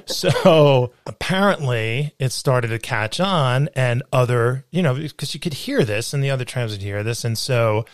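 Man telling a lively story, dry sound. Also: medium pitch, unhurried, hardly any pauses, no room sound. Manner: animated storyteller, acts out voices of others. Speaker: former studio tour guide. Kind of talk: casual storytelling chat.

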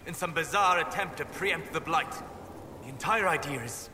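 An actor playing a grave male elven scholar in a video game, speaking in a measured, disapproving way. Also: on the high side, pushed and bright, a little hiss or hum. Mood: appalled. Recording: game audio with long reverb and faint ambience.

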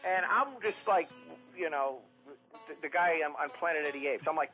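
High-voiced swearing storyteller man. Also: fairly quick, faint music behind, poor audio. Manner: rambling, animated, swears freely, mimics people in quotes. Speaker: storytelling podcast guest. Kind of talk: profane comic storytelling.

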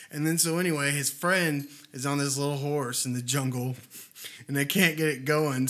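Man, podcast co-host, casual chat, rambling, hesitant, bright voice. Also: mid-range voice. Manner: rambling, hesitant, filler-heavy.

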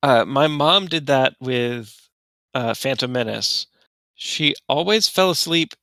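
A male podcast host with a bright, forward tone asks his guest curious, playful questions. The sound is close and dry, with no room echo. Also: mid-range voice, slow. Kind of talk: casual chat.

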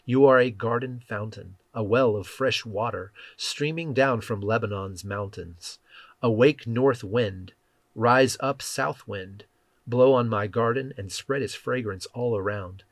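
A man reading scripture aloud and leading a prayer in a measured, solemn way, letting phrases fall softly at their ends. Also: medium pitch, no room sound. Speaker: scripture reader. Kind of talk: devotional Bible reading and prayer.

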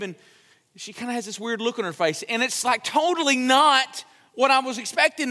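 A young pastor preaches in a church sanctuary as a chatty, joking storyteller. His voice is high and bright. The long reverb of the hall trails after every phrase. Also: moderate pace. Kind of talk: sermon.

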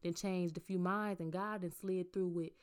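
A woman's voice: fairly low pitch, steady tone, moderate pace, clear, resonant tone. Earnest young woman giving a faith testimony. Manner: earnest and direct, repeating lines for emphasis and addressing listeners as y'all. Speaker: vlogger sharing a personal testimony. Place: at home, just out of bed.

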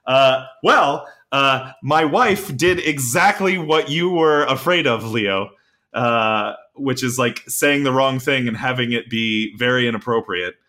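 A man with a bright, forceful voice co-hosts a loose, casual podcast. He rambles and fills his talk with "uh" and "um" while he explains language basics. His pitch sits in an ordinary middle range. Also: a little slow. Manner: rambling, filler-heavy, explains Japanese basics. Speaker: podcast co-host.

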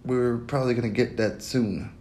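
A man's voice: mid-range voice, fairly even intonation, normal speed, darkish tone. A young man hosting a podcast alone, rambling in a casual monologue, swearing constantly and breaking into laughter. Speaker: podcast host.

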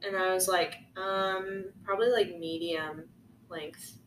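Taking it slowly in a lowish voice, a young female podcast co-host tells a story casually and animatedly, saying "like" a lot. Her room sounds echoey, with a faint hiss of noise.

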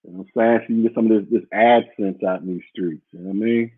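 A man's voice: lowish voice, fairly even intonation, fast talker, breathy edge, no echo. A man hosting a podcast as a casual livestream, reading out viewer comments in a rambling, blunt and profane way. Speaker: podcast host. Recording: muffled phone-like audio.

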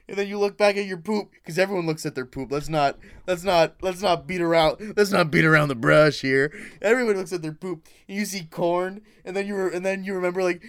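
A man's voice: high-pitched, fairly quick, hardly any pauses, a bit bright, smooth. A young man co-hosting a casual comedy podcast, rambling through crude jokes. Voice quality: crude, rambling jokey delivery. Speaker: podcast co-host.

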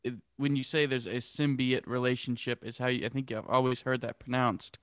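A man's voice: mid-range voice, little pitch movement, clean tone, no echo, clean studio sound. Wry, joking podcast man. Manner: wry and joking, quick asides. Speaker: podcast co-host. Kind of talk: casual chat.

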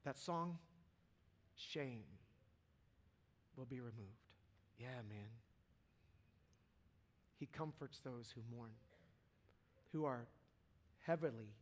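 Guy preaching to a church crowd, medium voice, goes real quiet then gets loud and worked up. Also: medium pitch. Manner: casual preaching, swings from hushed to loud and fervent. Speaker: pastor. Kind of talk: sermon. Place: church hall with audience.

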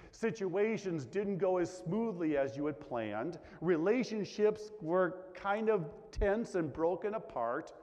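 A man preaches slowly, his voice rising and falling widely as he swings from emphatic questions to near-whispers. The sound is dull and lo-fi, with a long reverb that hangs in a large hall. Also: a little high. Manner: dramatic, drops to a hush for quiet lines, asks many questions. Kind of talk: sermon.

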